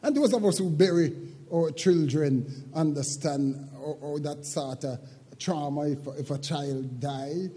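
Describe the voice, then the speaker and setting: An older man preaching a sermon as pastor, moving from quiet, halting reflection to loud, shouted preaching. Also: fairly high pitch, husky, big-room sound. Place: church sanctuary.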